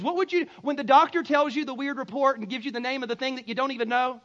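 A man preaching a sermon in a conversational, emphatic way, with sudden loud bursts. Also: very high voice, fast, hardly any pauses, highs cut off. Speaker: pastor.

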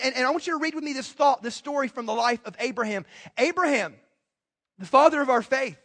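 A man preaching a sermon as a pastor, emphatic and animated, with quick asides to the congregation. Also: very high-pitched.

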